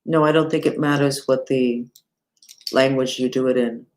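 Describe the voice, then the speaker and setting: A woman's voice: very deep voice, steady tone, a little mellow, a little hiss or hum. Woman teaching mantras on a live stream. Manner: unhurried, talks to viewers and reads the chat aloud. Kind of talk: casual live-streamed lesson.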